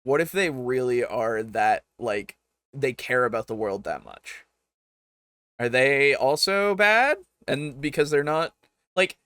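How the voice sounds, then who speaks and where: A man reacting to videos as host, arguing with what he hears in an animated, talkative way and laughing often. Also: on the high side, no room sound. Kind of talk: casual reaction commentary.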